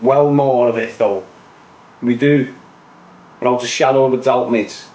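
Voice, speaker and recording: A man's voice: mid-range voice, steady tone, a little slow, darkish tone, lo-fi sound. A young man with a Liverpool accent, ranting opinions on his online show in a casual, repetitive way, ending lines with "mate". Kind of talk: casual livestream rant.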